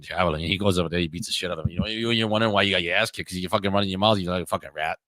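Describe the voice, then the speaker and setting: A belligerent Boston tough guy, put on by a man in a low, deep voice, ranting fast and swearing in nearly every breath. The delivery is hurried and combative, and the sound is dry and close. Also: sharp tone, no room sound.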